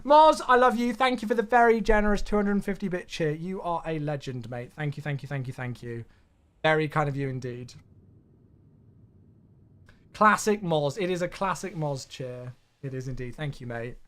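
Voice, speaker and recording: A man's voice: on the high side, moderate pace, a bit bright, smooth. A man streaming a flight simulator, chatting casually with viewers, thanking them and joking to himself.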